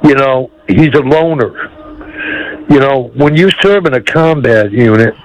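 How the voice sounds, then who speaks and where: A man's voice: mid-range voice, measured pace, rough recording. A man, calling into a talk radio show, blunt and rambling, chuckling as he talks. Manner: blunt, rambling, laughs between words. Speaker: caller.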